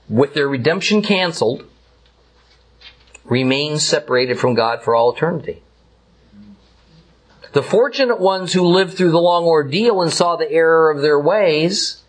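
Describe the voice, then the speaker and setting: A male Bible teacher giving a verse-by-verse lesson, explaining in a deliberate, emphatic way. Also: medium pitch, slightly rough.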